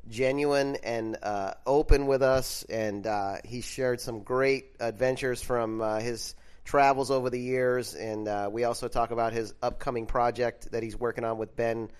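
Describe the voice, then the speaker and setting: A man's voice: mid-range voice, steady tone, measured pace, few pauses, smooth. A man hosting a podcast, talking in an easygoing, rambling, hesitant way. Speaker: podcast host. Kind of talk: casual podcast chat.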